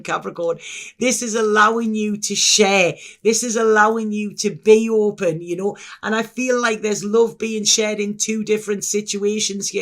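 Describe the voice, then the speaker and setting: A man's voice: high voice, fairly bright tone. A man giving a solo tarot reading to the camera, talking in an effusive, emotional and meandering way, with many restarts. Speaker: tarot reader.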